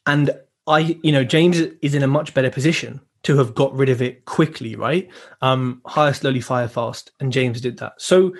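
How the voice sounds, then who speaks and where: A man's voice: mid-range voice, moderate pace, hardly any pauses. A man, co-hosting a podcast and talking reflectively in casual chat. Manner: reflective, leans on "you know" and "right". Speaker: podcast co-host. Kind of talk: casual conversation.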